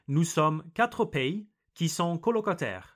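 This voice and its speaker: A British man hosting an English lesson podcast, reading a scripted explanation slowly and carefully and adding French translations. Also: fairly high pitch, expressive. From United Kingdom. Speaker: podcast host teaching English. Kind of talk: scripted educational narration for learners.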